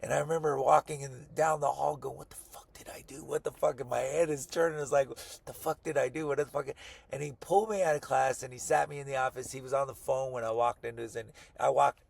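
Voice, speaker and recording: A man's voice: medium pitch, steady tone, fast talker. A man telling a rambling, profane story to friends on a podcast, often quoting the people in it. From Colorado, US. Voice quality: gravelly, husky. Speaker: podcast co-host. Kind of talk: casual storytelling among friends.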